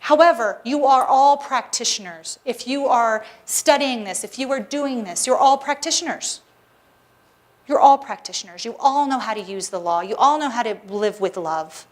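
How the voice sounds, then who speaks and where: A woman's voice: fairly high pitch, normal speed, few pauses. A woman practitioner giving a Sunday sermon to her congregation, earnest and encouraging, with playful asides. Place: church service hall.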